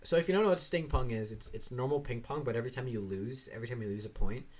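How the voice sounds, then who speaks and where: A man's voice: quick pace, a little mellow. A young man in casual chat, rambling through stories with lots of swearing and acted-out quotes. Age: young adult. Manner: rambling, swearing, acts out quoted voices with big jumps up in pitch.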